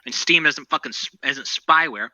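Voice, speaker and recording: A man's voice: mid-range voice, normal speed, bright, forceful tone, no echo, low-quality recording. A man co-hosting a podcast, chatting casually about current events in a rambling, profane, opinionated way. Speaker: podcast co-host.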